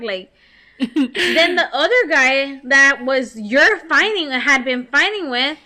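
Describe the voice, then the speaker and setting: A woman with a high, bright voice swaps stories on a podcast. She tells them in an animated, casual way, swearing freely and laughing as she goes. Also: slow. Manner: animated, heavy swearing, laughs while telling. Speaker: podcast co-host. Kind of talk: casual storytelling.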